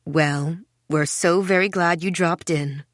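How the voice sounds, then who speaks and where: A woman narrator voicing a fawning shopkeeper who speaks softly and sweetly. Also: fairly low pitch, steady tone, slow pace, dry recording, studio quality. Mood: sugary. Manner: soft, sugary and placating. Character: fawning, smiling middle-aged female shopkeeper.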